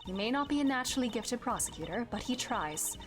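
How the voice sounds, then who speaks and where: A woman's voice: fairly high pitch, expressive, fast talker, soft background music, lightly acted. A woman reading the lines of an earnest young female judge, solemn and sincere.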